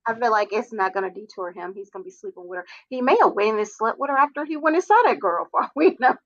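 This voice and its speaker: A woman's voice: fairly high pitch, fast, dry recording. A woman hosting a casual recap chat, retelling scenes and adding blunt, opinionated asides. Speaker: host of a reality TV recap show. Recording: dull, lo-fi audio.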